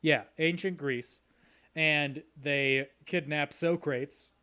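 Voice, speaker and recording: A man's voice: on the high side, fairly even intonation, slow, sharp tone, clean tone. A man co-hosting a podcast, casually recapping and joking with light laughs. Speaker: podcast co-host. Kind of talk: casual chat.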